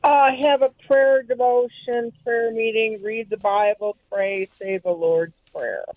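A woman calling in to a radio show, rambling and halting as she searches for words. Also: fairly high pitch, steady tone, no echo. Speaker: caller. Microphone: telephone. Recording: tinny phone line, dry.

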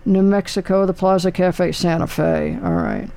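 A man's voice: high-pitched, wildly swooping pitch, normal speed, gravelly, dark tone, clean tone. Rambling, chatty older man. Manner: rambling, chatty, many fillers. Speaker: radio host. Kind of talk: casual chat.

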